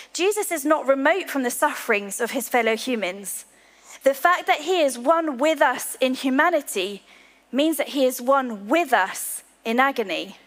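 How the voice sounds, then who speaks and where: High-voiced woman preaching in a reverberant hall. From England. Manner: earnest, slows to a hush on key lines. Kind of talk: sermon. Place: large church hall.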